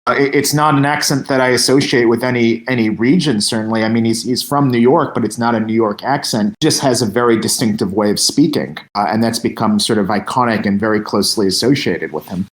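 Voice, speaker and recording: A man's voice: medium pitch, brisk, few pauses. Thoughtful man in a roomy echo. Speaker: podcast co-host. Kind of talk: casual film discussion.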